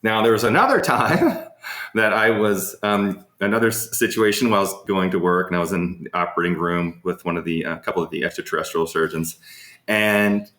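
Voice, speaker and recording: In an echoey room, a man hosts a casual live Q&A, answering viewers' questions and telling rambling, anecdotal stories packed with fillers. His voice is low-pitched, brisk, and a bit bright.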